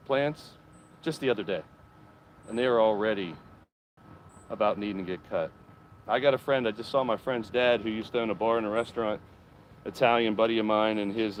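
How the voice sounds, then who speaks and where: A man chatting casually on a live stream from his home garden, excitable and talkative. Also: lowish voice, slight background noise. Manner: excitable, chatty, cheering bees on.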